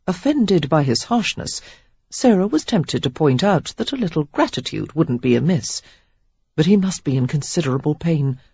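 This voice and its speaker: A woman narrating a romance audiobook in an expressive, steady storytelling manner. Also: deep voice, normal speed, creaky, slightly rough, highs cut off. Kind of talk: scripted narration.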